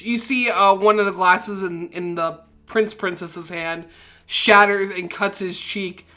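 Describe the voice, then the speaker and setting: A woman's voice: medium pitch, fairly even intonation, a little slow, sharp tone. A woman narrating a tabletop role-playing game as game master.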